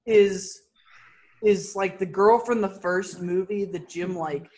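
A man's voice: high-pitched, a crowd in the background. A young man hosting a casual podcast over a video call, rambling, swearing often and bantering with his friends. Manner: profane, rambling, quick to banter. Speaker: podcast host.

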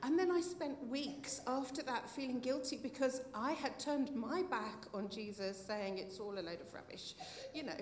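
A woman's voice: on the high side, normal speed. A middle-aged woman giving a heartfelt personal testimony at a church meeting, at times near tears. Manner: heartfelt, tearful at times, with soft laughs. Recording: echoey hall with faint noise.

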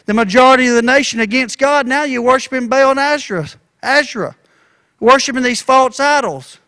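Defiant, taunting prophet, high and forceful , a preacher voicing him. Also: male voice, brisk, dry recording, studio quality, full character voice. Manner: forceful and mocking. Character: bold, defiant male prophet, taunting his rivals.

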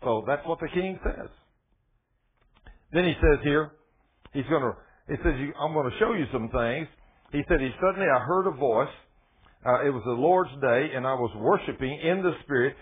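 Folksy preacher guy on the radio, husky voice, sounds like a phone line. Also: fairly high pitch, moderate pace. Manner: lively, folksy, swings from soft to excited. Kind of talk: radio sermon.

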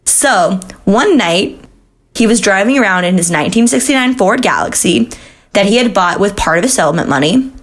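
A woman's voice: mid-range voice, animated, normal speed. A woman co-hosting a true-crime podcast, telling the story in a casual, chatty way with fillers, swearing and laughs. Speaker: podcast co-host.

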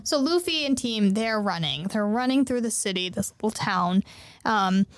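A woman's voice: mid-range voice, lively intonation, normal speed. A young woman co-hosting a podcast, casually retelling a plot in a rambling way, with swearing and acted-out quotes. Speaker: podcast co-host.

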